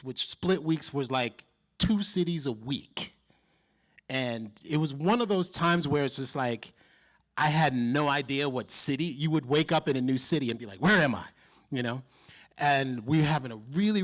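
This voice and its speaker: A man telling a story as a guest on a convention panel, lively and acting out other people's voices as he goes. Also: mid-range voice. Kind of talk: animated storytelling.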